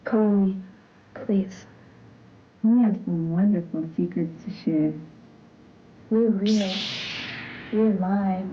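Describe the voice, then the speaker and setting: A woman playing a sultry, coaxing lady in a vintage phone-line TV commercial. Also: medium pitch. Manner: slow, breathy and coaxing. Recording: tinny lo-fi old TV audio.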